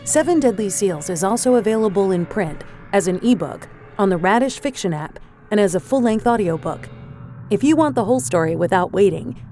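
A woman reading a scripted audiobook outro clearly and evenly, spelling out details. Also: mid-range voice, dark tone. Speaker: audiobook announcer.

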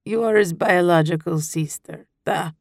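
A woman voicing a calm, caring Russian man who speaks in halting, broken English with a Russian accent. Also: on the low side, no room sound, clean studio sound, natural voice.

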